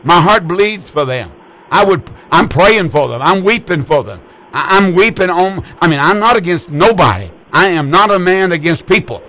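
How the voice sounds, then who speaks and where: A man's voice: high voice, lively intonation, moderate pace, bright, forceful tone. A middle-aged man hosting a call-in radio show as a pastor, speaking with a fervent, repetitive preacher's cadence.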